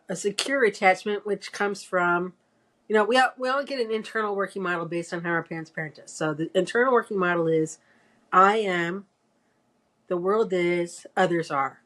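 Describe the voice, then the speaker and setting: Woman, mid-range pitch; explanatory, conversational delivery. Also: normal speed, fairly bright tone. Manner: explanatory, talks through ideas at length. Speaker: podcast co-host. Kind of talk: casual chat.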